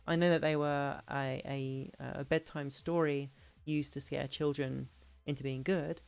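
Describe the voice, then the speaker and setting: A woman streamer in a casual hangout chat, talking fast and loose with frequent laughs and restarts. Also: a bass voice, fairly even intonation, gravelly, a little mellow, clear, resonant tone, soft background music. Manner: chatty, laughing, restarts sentences.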